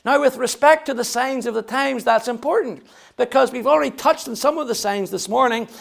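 A man's voice: extremely high pitch, brisk, gravelly, a bit bright. A man preaching a sermon to his church, emphatic, repeating words as he builds each point and raising his voice to read scripture. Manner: reads scripture aloud in a raised voice.

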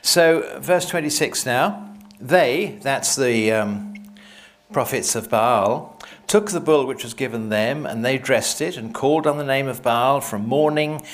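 A man's voice: mid-range voice, unhurried. A man reading a Bible passage aloud and breaking off for conversational, wry asides. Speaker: Bible teacher.

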